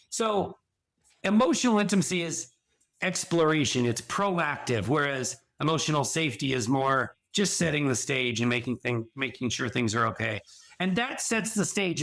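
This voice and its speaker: A man's voice: a little high, a bit bright. Earnest middle-aged man explaining steadily. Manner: earnest, explanatory, with frequent restarts and "you know". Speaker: podcast guest, addiction and sexual health counselor. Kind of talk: conversational podcast interview.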